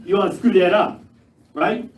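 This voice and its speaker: An older man performing a stand-up routine on stage, gruff and profane with punchy, jumpy delivery. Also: high voice, moderate pace. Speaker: stand-up comedian. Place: live comedy club stage. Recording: echoey live room, mic far, crowd noise. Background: audience laughter.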